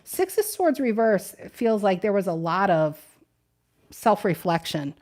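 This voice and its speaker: A woman's voice: medium pitch, very animated, measured pace, a little mellow. Woman, tarot reader, casual, chatty, thinks aloud, repeats her questions.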